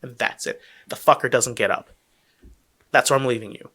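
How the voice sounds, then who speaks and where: A man co-hosting a podcast, telling a story with excitement and plenty of swearing in casual chat. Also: mid-range voice, moderate pace, breathy edge. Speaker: podcast co-host.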